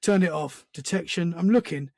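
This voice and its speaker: A man, a podcast guest, telling a story in casual conversation, animated and full of restarts. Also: sits high, normal speed, vocal fry, no room sound. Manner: animated storyteller, acts out sounds and quotes; many restarts and "man" fillers.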